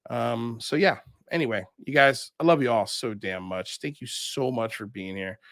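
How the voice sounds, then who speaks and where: A male show host reads his live chat and wanders casually from topic to topic, animated and laughing often between frequent fillers. He speaks at a moderate pace in a mid-range voice. Clean studio sound, with no room sound.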